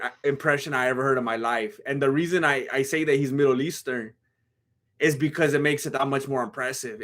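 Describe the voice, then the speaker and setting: A man hosting a live stream, reacting to a fight with excitable, teasing commentary. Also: mid-range voice. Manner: excitable, laughs often, teasing.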